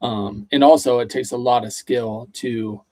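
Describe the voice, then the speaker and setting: A man's voice: medium pitch, fairly even intonation, a little slow, mellow, no echo. Easygoing man chatting on a livestream. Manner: easygoing, reads viewer questions aloud. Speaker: co-host. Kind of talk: casual livestream chat.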